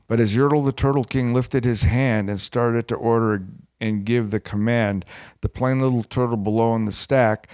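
A man's voice: medium pitch, moderate pace, clear, resonant tone, dry recording. Playful man reading a bedtime story. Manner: playful, deadpan asides.

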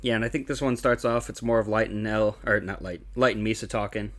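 A man casually chatting on a podcast, calmly summarizing plot points with plenty of uhs and likes. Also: lowish voice, a little fast. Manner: relaxed, plot-summarizing with lots of fillers. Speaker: podcast co-host. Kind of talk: casual chat recapping an anime.

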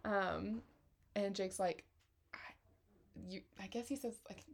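A woman co-hosting a podcast, retelling a TV episode in a casual, animated way and laughing often. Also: medium pitch, measured pace, vocal fry, a little hiss or hum. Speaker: podcast co-host. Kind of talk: casual TV recap chat.

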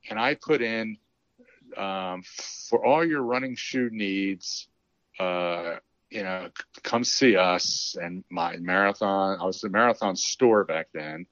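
A man's voice: low-pitched, slow, no echo. A middle-aged man telling a story in a casual interview, acting out the dialogue he recalls. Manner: animated, acts out quoted dialogue, chuckles. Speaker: guest telling a business story. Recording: dull lo-fi dry sound.

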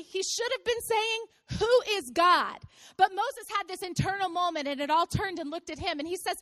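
A woman pastor preaching a sermon, telling a personal story with lively quoted dialogue. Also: extremely high pitch, a little fast, dry recording, clean studio sound.

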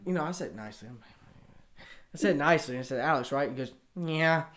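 A young man with a Southern US accent, a college student telling a story in casual chat, animated and acting out the dialogue. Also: fairly high pitch, brisk, crowd noise. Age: young adult.

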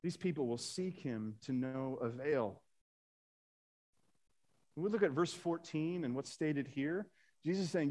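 A man's voice: on the high side, moderate pace, darkish tone. A man preaching a Sunday sermon, reading scripture aloud and asking the congregation rhetorical questions. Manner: reads scripture aloud, rising for emphasis. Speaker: pastor.

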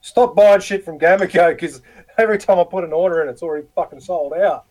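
A man's voice: high-pitched, fast talker, darkish tone, rough recording. A middle-aged Australian man co-hosting a casual live chat, swearing freely and telling jokey stories. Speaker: co-host.

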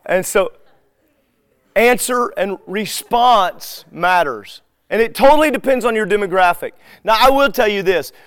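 A man teaching a live group in a relaxed, conversational way. He acts out bits of everyday dialogue as he tells his stories. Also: high voice, unhurried, clear, resonant tone, dry recording, clean studio sound. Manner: animated storyteller who acts out dialogue.

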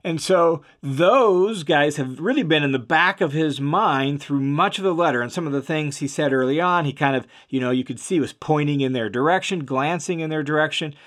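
Male Bible teacher, a touch high in pitch. He explains in a relaxed, unscripted way and leans on key words for emphasis. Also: normal speed, hardly any pauses. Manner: conversational, steady, with frequent fillers and restarts.

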